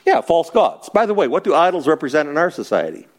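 A man's voice: on the high side, fast. Middle-aged preacher guy, chatty bible study, voice swings up and down a lot, cracks jokes. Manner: lively, joking, asks the group questions. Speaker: pastor teaching a Bible study. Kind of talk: conversational Bible teaching with congregation interaction.

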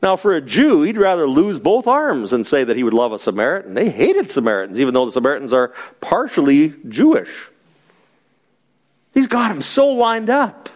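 A man's voice: fairly high pitch, sing-song, moderate pace. A middle-aged man as a pastor, teaching a Bible study in a conversational, joking way and asking the group questions.

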